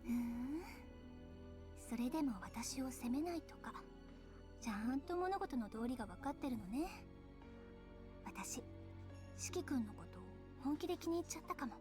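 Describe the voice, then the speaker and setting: A woman's voice: high-pitched, animated, quick pace, long pauses, music in the background. A woman voicing a playful, flirtatious female teacher in visual novel dialogue, with a teasing, sing-song manner. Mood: sultry. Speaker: teacher character.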